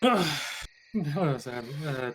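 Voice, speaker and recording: Relaxed man describing his character. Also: on the high side, a little hiss or hum, poor audio. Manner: relaxed, halting narration with fillers. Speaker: player. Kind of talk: describing character actions in a tabletop game.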